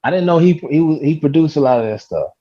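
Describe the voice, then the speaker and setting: A man in a casual podcast debate, talking in a relaxed, hesitant way and tacking "man" onto his sentences. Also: fairly high pitch, fast talker, highs cut off. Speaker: podcast co-host.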